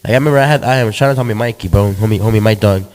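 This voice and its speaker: A man's voice: fairly low pitch, rapid-fire, a little mellow. A man guesting on a podcast, telling stories in a rambling, slangy way. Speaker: guest rapper. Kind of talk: casual podcast chat.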